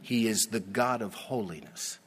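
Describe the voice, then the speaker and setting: A man preaching a sermon, slow and emphatic, with dramatic pauses and sudden swells in volume. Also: on the low side. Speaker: pastor.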